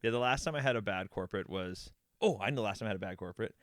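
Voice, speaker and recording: A man with a fairly low voice tells stories in a loose podcast chat, jumping up into other people's voices as he acts them out. The sound is dry and close, with little room around it. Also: racing, a bit bright, no echo. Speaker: magician and comedian guest. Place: basement.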